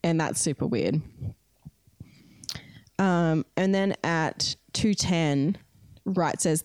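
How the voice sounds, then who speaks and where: On a podcast, a woman co-host with a deep, slightly mellow voice recounts a true-crime story in casual, chatty fashion, drawing out her words, pausing long, and using many fillers. The sound is clean, studio quality, with no echo.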